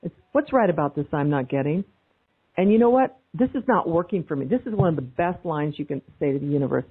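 A woman on a group video call giving an animated, emphatic motivational talk as a coach, repeating phrases for emphasis. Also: low-pitched, quick pace, breathy edge. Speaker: guest speaker, life coach. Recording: phone-like call audio.

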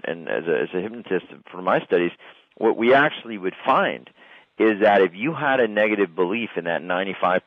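A man's voice: lowish voice, dry recording. A man hosting a conversation and speaking as a hypnotist, explaining earnestly and at length. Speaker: host and hypnotist. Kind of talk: casual conversation. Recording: dry, phone-like audio.

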